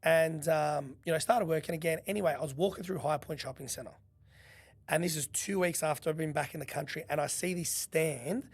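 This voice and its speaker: An Australian man tells his stories as a podcast guest, rattling along at a rapid clip. His voice sits a little high, and he swears freely while acting out what others said. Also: vocal fry, breathy edge. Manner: animated, swears freely, acts out quotes. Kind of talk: casual storytelling.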